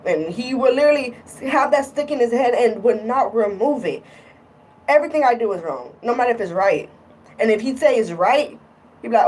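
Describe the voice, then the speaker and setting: A woman's voice: on the high side, expressive, fairly quick, darkish tone, slightly rough, distant mic, low-quality recording. A woman talking casually in a vlog, irritated and rambling, often repeating herself. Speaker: vlogger.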